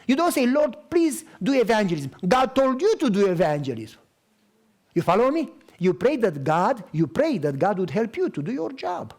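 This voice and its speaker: A man's voice: sits high, sing-song, normal speed, darkish tone. A man from Romania, preaching a sermon emphatically and acting out conversations. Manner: emphatic, acts out dialogue. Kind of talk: storytelling sermon.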